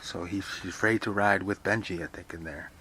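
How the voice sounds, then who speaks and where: Man, low voice, casual, profane asides, explaining a novel, faint hiss. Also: fairly even intonation, fairly quick, sharp tone. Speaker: reader and explainer. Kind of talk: casual literature lecture with reading aloud.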